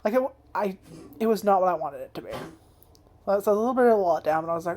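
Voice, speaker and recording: A woman's voice: medium pitch, expressive, fast, a little mellow, a little hiss or hum. A woman chatting casually at home as an anime vlogger, rambling, trailing off and swearing often. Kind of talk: casual chat. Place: home, indoors.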